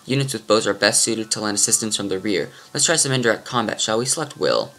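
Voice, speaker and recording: A man's voice: on the low side, expressive, quick pace, sharp tone. A man casually commenting on a video game and reading tutorial text, with mumbled offhand asides. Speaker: let's play host.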